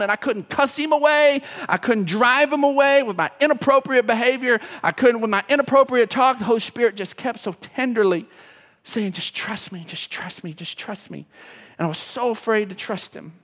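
A man preaching a sermon as pastor, emotional, swinging from loud to hushed. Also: very high-pitched. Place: church sanctuary. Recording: long reverb of a church hall.

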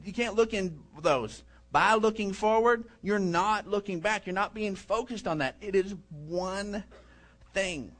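A man's voice: high-pitched, fairly bright tone. A middle-aged man, preaching a conversational sermon and telling stories. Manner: conversational preaching with storytelling asides. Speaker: pastor.

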